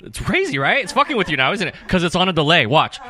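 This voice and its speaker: A young adult man from California doing stand-up comedy at an open mic, energetic and profane, often checking with the crowd. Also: sits high, normal speed, heavy background noise. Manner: energetic, profane, keeps asking the crowd "right?".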